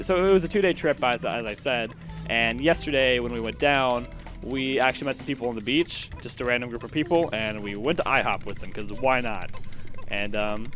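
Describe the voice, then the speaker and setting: An eighteen-year-old man hosts a gaming channel, giving casual let's-play commentary in a mid-range, fairly bright voice. He rambles, with lots of fillers and restarts.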